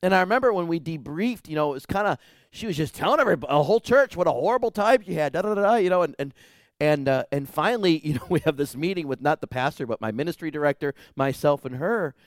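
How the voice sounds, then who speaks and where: Male pastor, fairly high voice, dry close sound; animated sermon storyteller who acts out dialogue, loud to hushed. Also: quick pace, no room sound.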